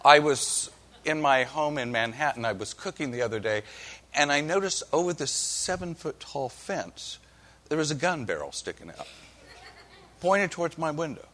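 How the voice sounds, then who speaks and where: A man's voice: on the high side, lively intonation, normal speed, a bit bright. A male pastor from Oklahoma reading scripture and preaching with folksy, wry humor. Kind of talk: sermon with storytelling.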